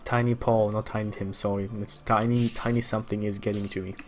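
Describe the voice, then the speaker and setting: A man improvising a story aloud during a tabletop game, narrating slowly and haltingly. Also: fairly low pitch, little pitch movement, loud music behind the voice. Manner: slow, halting narration with restarts.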